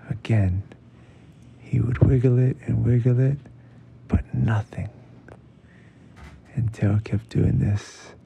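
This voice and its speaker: A man hosting and narrating a bedtime story in a hushed, often whispering voice, slipping in phrases of Spanish. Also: mid-range voice, creaky, dull audio, a little hiss or hum. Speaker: storyteller host.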